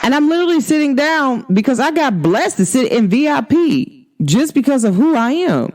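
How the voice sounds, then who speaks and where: Sassy, animated woman host. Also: normal speed. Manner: emphatic, sassy, slangy, swings pitch for emphasis. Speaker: astrology show host. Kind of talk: casual spiritual talk to viewers.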